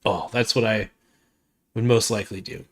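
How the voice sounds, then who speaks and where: A man's voice: fairly low pitch, steady tone, moderate pace. A man hosting a casual fantasy football stream, rambling with many fillers and calling viewers "man," his voice slightly worn. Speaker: fantasy football video host. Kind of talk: casual live-stream chat.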